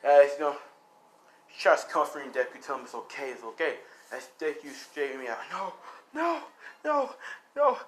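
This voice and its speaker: A young man rambling through an improvised fan story at a middle pitch, stacking up fillers as he goes. He talks casually and loosely. A faint hiss sits under his voice. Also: bright, forceful tone. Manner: rambling, full of "you know" fillers.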